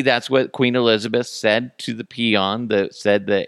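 A man's voice: lowish voice, fairly even intonation, a little slow, vocal fry, few pauses, fairly bright tone, clean tone, no echo, clean studio sound. A man hosting a radio show, rambling through a casual comedic monologue with goofy, profane jokes and laughter. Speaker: radio host.

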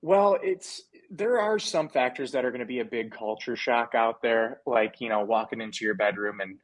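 A young American man, a former ballplayer, chatting casually as a podcast guest, telling stories in a relaxed way with frequent restarts and slang. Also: medium pitch, moderate pace, no room sound. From United States. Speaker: podcast guest, former minor league player. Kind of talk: casual interview chat.

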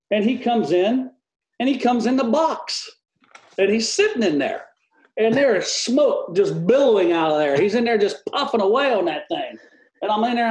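A man, a former relief pitcher, telling an animated story on a panel, acting out quotes and laughing often. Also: reverberant, poor audio.

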